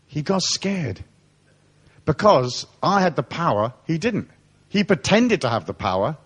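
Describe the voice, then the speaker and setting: A man with a somewhat high, very expressive voice holds forth before a live audience. He spins anecdotes with plenty of swearing and mimics the people in them as he goes. His delivery swoops between highs and lows. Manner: animated storyteller, swears freely and acts out quoted voices. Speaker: spiritual seminar speaker. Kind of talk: live motivational talk to an audience. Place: seminar hall.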